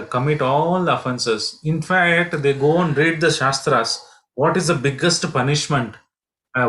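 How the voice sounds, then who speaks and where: A man leads a devotional lesson as a pilgrimage guide. He speaks in a halting way, full of fillers and restarts, as he tells the stories. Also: medium pitch, a bit bright, rough recording.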